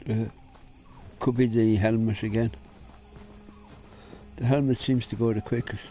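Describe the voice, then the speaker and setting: A man's voice: on the low side, flat delivery, measured pace, dull audio, soft background music. A man with an Irish accent giving casual, joking commentary while playing a video game. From Ireland. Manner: joking, chatty, blunt. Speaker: gaming video host.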